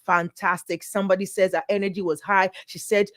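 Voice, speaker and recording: A woman's voice: mid-range voice, level tone, fairly quick, fairly bright tone, no echo. Brief: woman, livestream MC, playful and gushing, dry close sound. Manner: playful, effusive, reads comments aloud. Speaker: livestream speaker and event MC. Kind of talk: lively livestream talk to viewers. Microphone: webcam setup, speaking to camera.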